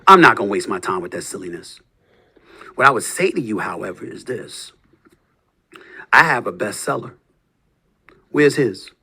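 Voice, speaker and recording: Forceful, combative man in his fifties. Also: sing-song, normal speed, long pauses, husky. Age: 50s. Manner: combative, taunting, rhetorical questions; swings between low muttering and loud outbursts. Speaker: sports talk host. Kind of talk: heated monologue.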